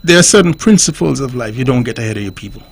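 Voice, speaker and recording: A man's voice: medium pitch, animated, very fast, gravelly, husky. A man talking on a call-in radio show. He explains his points like a teacher and keeps checking whether the listener understands.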